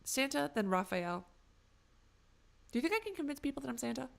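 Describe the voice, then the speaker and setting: A woman live-streaming a game, chatting casually with her viewers, reacting loudly and swearing. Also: high voice, sing-song, brisk, gravelly.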